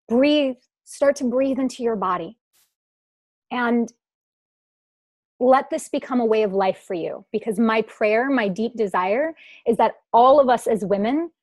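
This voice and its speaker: Slow, warm-toned woman hosting a webinar. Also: a little high, dry recording. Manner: warm, encouraging, affectionate with the audience. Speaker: host of a live online masterclass. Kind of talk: live webinar Q&A. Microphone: video call.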